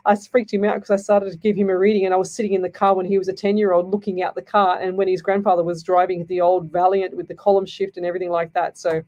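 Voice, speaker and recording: A woman's voice: on the low side, level tone, quick pace, mellow, highs cut off. A middle-aged woman hosting a live psychic radio show, talking in a rambling, reassuring way and checking in with "okay?" as she reads. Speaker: psychic medium radio host.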